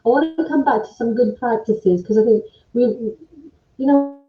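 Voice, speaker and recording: A chatty woman hosts a live online talk, her fairly high voice bouncing in an echoey room. The sound is dull and lo-fi, like call audio, and she rattles through comments with easy asides. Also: soft background music. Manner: chatty, laughs easily, quick asides. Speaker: host.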